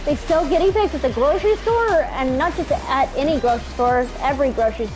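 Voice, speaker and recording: A young woman with a high-pitched voice tells a rambling travel story between races, animated and freely profane. Game music plays clearly under her talk. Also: quick pace. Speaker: gamer co-streamer. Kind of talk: casual chat while gaming.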